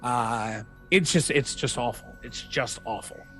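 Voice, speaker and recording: A man's voice: medium pitch, a little slow, fairly bright tone, faint music behind. A man co-hosting a podcast, chatting in a laid-back way while getting over a cold. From Philadelphia area. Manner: laid-back, says man and bro a lot. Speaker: podcast co-host. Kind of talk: casual chat.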